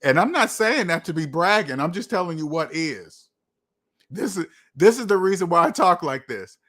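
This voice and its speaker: A man hosting a livestream, answering viewers' comments in an emphatic way, slowing down to stress his points. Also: high-pitched, sing-song, pushed and bright. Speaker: livestream host. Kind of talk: live chat reading comments.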